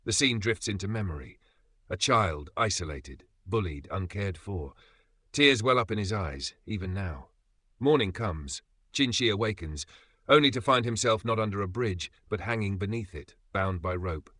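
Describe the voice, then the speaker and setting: Low, bright-toned male recap narrator. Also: expressive, normal speed, no room sound. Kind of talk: scripted narration.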